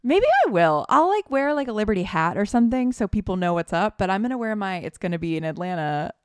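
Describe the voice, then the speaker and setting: A woman's voice: mid-range voice, lively intonation, quick pace, clear, resonant tone, no room sound, clean studio sound. A woman co-hosting a podcast, chatting casually and enthusiastically about basketball as a fan. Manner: enthusiastic, gushing fan talk. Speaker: podcast co-host. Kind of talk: casual sports chat.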